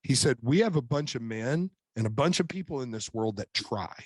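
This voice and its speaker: A man's voice: medium pitch, expressive, normal speed, no room sound. A middle-aged man with an ordinary mid-range voice speaks as a podcast guest, earnest and open, circling back with repeated "and, and" starts as he builds his story. His voice is recorded close and dry, with no room sound. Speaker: podcast guest, author and coach. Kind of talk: casual chat.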